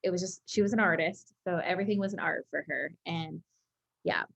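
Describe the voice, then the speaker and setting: Brief: woman author, slightly low voice, animated chatty storyteller, video-call audio. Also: fairly quick, creaky. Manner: lively storytelling, many fillers like "like". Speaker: cookbook author. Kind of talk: casual conversation.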